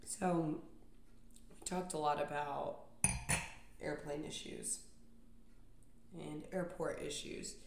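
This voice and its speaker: A woman's voice: deep voice, steady tone, slow pace, long pauses, darkish tone, slight background noise. A young adult woman hosting a podcast, delivering a comedic solo rant full of profane, exasperated complaints. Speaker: podcast host. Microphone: podcast microphone. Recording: roomy echo.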